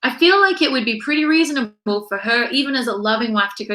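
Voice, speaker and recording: A woman in her thirties delivers a motivational talk with a bright, forceful voice pitched a little high. She talks emphatically and slips into quoted voices to make her point. The room around her has a roomy echo. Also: expressive, fast, hardly any pauses. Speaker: mindset coach. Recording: echoey room.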